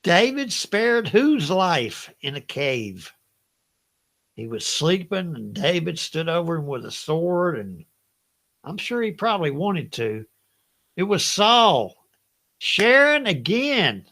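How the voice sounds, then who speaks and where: A man's voice: sits high, sing-song, slow, sharp tone. An older man with a Southern accent hosts a live Bible trivia game, chatting folksily, laughing often and reading each question twice.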